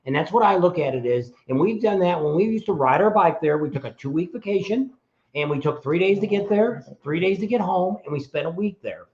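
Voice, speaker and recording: A man's voice: sits high, expressive, a little fast. A middle-aged man co-hosting a live-stream chat, talking casually and rambling with frequent restarts. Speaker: co-host of a motorcycle travel channel. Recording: roomy, dull lo-fi sound.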